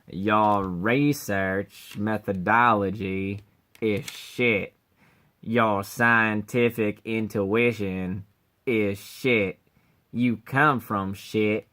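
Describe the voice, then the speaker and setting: A man voicing an arrogant, vulgar male scientist who drawls slowly with contempt, as an amateur voice audition. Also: fairly low pitch, sharp tone, heavily acted. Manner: slow, lazy drawl with heavy contempt.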